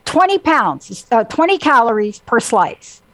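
A woman hosting a casual talk show, her voice sitting a little high and recorded close and dry. She tells lively stories, acting out what people said. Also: unhurried, no room sound, rough recording. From Italian heritage. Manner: animated storytelling, acting out quotes. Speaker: host. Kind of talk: casual chat.

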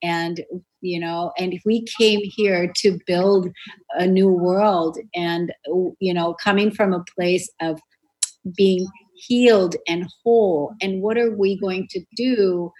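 Woman host, low-ish voice, earnest and flowing, spiritual talk show. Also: fairly even intonation, takes it slowly, a little mellow, low-quality recording. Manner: earnest, flowing, many fillers and restarts. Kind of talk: spiritual conversation.

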